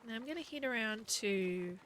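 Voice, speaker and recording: Woman, gameplay commentary, bright clear tone, casual chatty thinking aloud, faint background hiss. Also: fairly high pitch, expressive, moderate pace. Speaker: gaming video creator. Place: home room with her dog.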